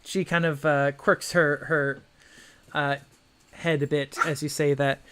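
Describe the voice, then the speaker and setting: A man narrating as game master of a tabletop game, halting and filling pauses with "uh" and "kind of". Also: on the high side, level tone, bright, forceful tone, a little hiss or hum. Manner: halting, full of fillers.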